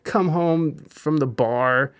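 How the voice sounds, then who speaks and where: A man hosting a casual podcast chat, talking in halting bursts with many restarts and fillers. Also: on the high side, clear, resonant tone, dry recording. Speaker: podcast host.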